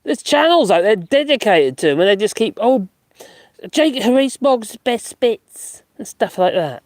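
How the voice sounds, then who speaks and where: A man's voice: sits high, very animated, brisk, no echo, studio quality. Chatty man reading live chat. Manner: chatty, laughs often, mocking asides. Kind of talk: casual chat.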